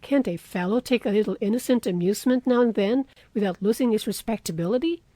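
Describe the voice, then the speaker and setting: A woman voicing a teasing, good-natured wealthy young man in an audiobook reading, with a lively, coaxing way of talking. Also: fairly high pitch, fast, dry recording, lightly acted.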